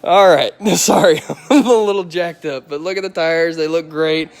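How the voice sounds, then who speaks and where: A man's voice: on the high side, moderate pace. Giddy man gushing over cars. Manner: wildly excited, gushing, repeats exclamations. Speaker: auto detailer showing his work. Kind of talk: live-streamed car reveal vlog. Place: outdoors beside parked cars.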